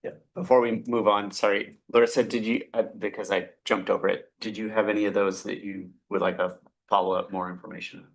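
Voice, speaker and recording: A man chairing a budget committee meeting, briskly calling on speakers with a wry touch. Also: fairly low pitch, little pitch movement.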